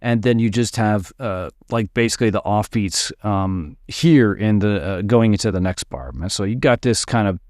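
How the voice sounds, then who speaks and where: A man teaching music production in a relaxed, upbeat way, walking through a dance track and sometimes mimicking its sounds with his voice. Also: fairly low pitch, normal speed, hardly any pauses, dry recording, clean studio sound. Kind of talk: screen-recorded music production tutorial. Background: dance track playing faintly.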